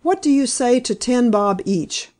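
A woman voicing a meek, measured detective. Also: a little high, lively intonation, a little mellow, voice pushed up. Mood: mild. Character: meek, mild-mannered male detective, quietly sharp. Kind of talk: audiobook character voice.

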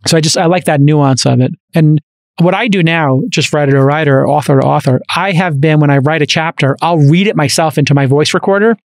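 A man's voice: on the high side, a little fast, dry recording. Chatty Brooklyn man, dry studio mic. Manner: animated, talkative, many fillers and restarts. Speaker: podcast host. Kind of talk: casual interview chat. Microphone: studio microphone.

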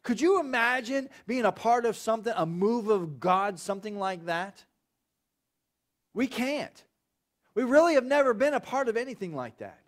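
Pastor, high voice, lively story-driven sermon. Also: male voice, normal speed. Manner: animated storytelling with acted voices. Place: church.

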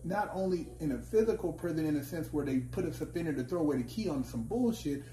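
Man, host, animated, laughing, swearing, slightly high voice, echoey room, faint background hum. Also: fast. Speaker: podcast host. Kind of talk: casual conversation.

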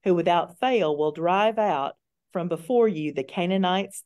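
A woman in a church Bible study reading a long scripture passage aloud, steady and careful. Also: on the low side, a little slow.

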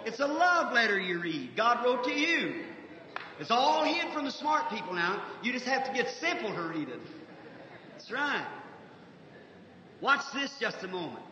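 A man preaching a fervent, folksy revival sermon, shifting from soft asides to shouts, on a 1950s archive recording with faint hiss. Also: very high voice, sing-song, unhurried, long pauses, echoey room, long reverb tail, lo-fi sound.

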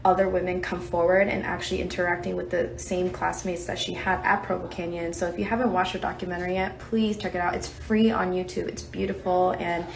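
A woman narrating a video compilation in a gentle, recommending tone. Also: on the low side, little pitch movement, a little fast, gravelly, few pauses, reverberant.

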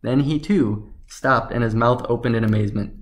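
A man narrating a science fiction story in a steady, even reading. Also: medium pitch, moderate pace.

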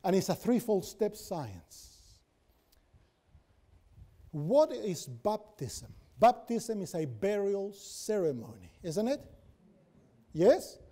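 A man's voice: high-pitched, very animated, takes it slowly, long pauses, dark tone. A man, a pastor, preaching a sermon and telling stories, with many rhetorical questions to the congregation.

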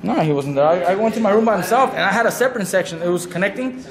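Casual male storyteller, high pitched, loose and profane, busy crowd behind. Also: very fast. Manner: animated, swearing, repeats himself. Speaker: storyteller among friends. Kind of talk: casual chat.

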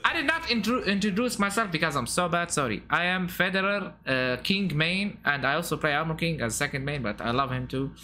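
Man, streamer, excitable gameplay commentary, bright voice, lively swinging pitch. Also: fairly quick, hardly any pauses, slight background noise. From Saudi Arabia. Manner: excitable, chatty, bursts into shouts and laughs at the game.

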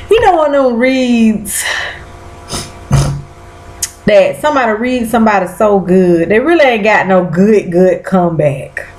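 Slow-talking, animated woman. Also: mid-range voice, echoey room, poor audio. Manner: animated, slangy, exclaiming to viewers. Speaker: TV episode recapper. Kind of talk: casual recap chat.

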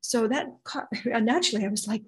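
An older woman, an intuitive healer being interviewed, telling her story in an animated way and acting out the voices of others. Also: on the high side, a little fast, breathy edge, poor audio.

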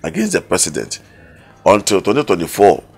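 A Ghanaian man giving excitable commentary in a preaching style, with sudden high bursts. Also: a little fast, slightly rough, soft background music. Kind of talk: animated preaching-style commentary in Twi and English.

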